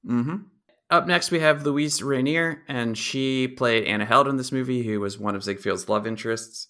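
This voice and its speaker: A young man co-hosting a podcast, explaining film history in a relaxed, informative way with a dry sense of humor. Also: medium pitch, moderate pace. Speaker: podcast co-host. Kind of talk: casual movie review chat.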